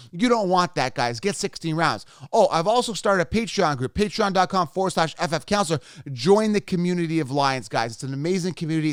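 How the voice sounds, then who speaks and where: A man's voice: a little high, clean tone, dry recording, clean studio sound. A man ranting about sports picks in an emphatic, mocking way with repeated outbursts. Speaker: fantasy football YouTuber. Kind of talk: opinionated ranting commentary.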